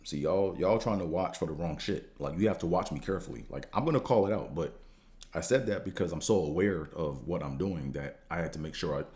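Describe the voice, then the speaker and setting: A man hosting a podcast, talking in a casual, slangy, profane monologue that rambles and jumps higher when he gets fired up. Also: fairly quick, a little mellow. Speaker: podcast host.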